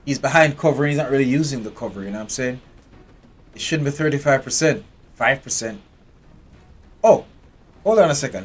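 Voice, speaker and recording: A man's voice: mid-range voice, lively intonation, a little fast, pauses often, slightly rough. A man giving live commentary while playing a strategy game, chatting and talking to his game characters. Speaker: game streamer.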